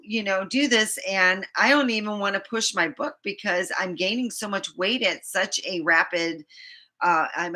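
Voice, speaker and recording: A woman's voice: mid-range voice, bright, forceful tone. A woman vlogger ranting to the camera, frustrated, rambling and swearing often. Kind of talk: venting to camera.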